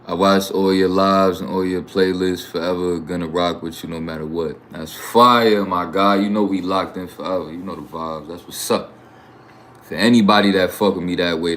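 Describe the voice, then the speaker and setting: Young ny dude on a livestream, deep-ish voice, cocky and cussing a lot. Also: male voice. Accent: New York. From New York. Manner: boastful, slang-heavy, profane. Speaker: YouTube livestreamer. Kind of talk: casual livestream chat.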